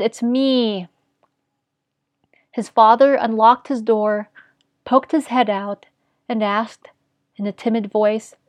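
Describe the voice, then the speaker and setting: Measured woman narrating a story. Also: fairly high pitch, no room sound. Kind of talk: scripted narration.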